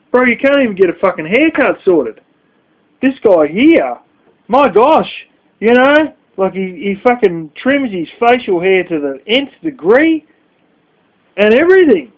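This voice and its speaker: A man vlogging in a scornful, heavily profane rant. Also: sits high. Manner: scornful, heavy swearing. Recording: dull lo-fi recording.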